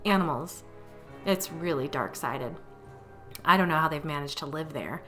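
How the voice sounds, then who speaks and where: A woman's voice: low voice, moderate pace, a bit bright, faint music behind. A woman voicing an experienced female psychic with a dry, dismissive manner, in a storybook reading. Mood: wry. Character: wry seasoned woman medium.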